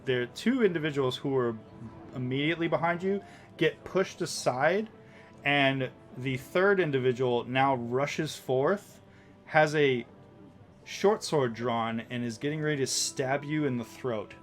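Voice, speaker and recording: A man narrating as game master in a relaxed, rambling way. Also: medium pitch, measured pace, soft background music.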